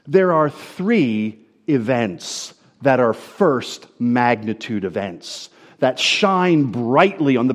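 Man, American accent, preacher, sermon, expressive storyteller, animated intonation. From New Jersey, USA. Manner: expressive storytelling delivery, lively swings of pitch. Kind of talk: sermon with scripture reading.

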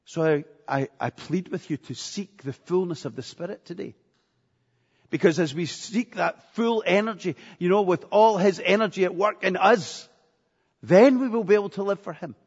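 A man's voice: sits high, normal speed, a little mellow, breathy edge. A man preaching a sermon with earnestness, repeating phrases for emphasis. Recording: echoey hall, dull lo-fi sound.

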